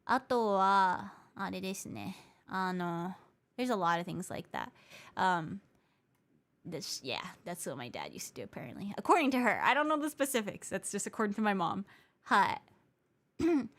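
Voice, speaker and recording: A VTuber streamer from Hawaii chats casually with her viewers, reading and answering their comments while switching between English and Japanese mid-sentence and patiently repeating her points. Her mid-range voice is brisk and fairly bright, with big swings in pitch.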